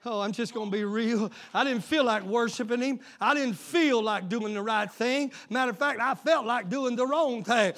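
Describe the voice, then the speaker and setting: A middle-aged male pastor preaching a sermon, swinging from hushed asides to shouted call-and-response. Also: extremely high pitch, normal speed, hardly any pauses. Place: church sanctuary.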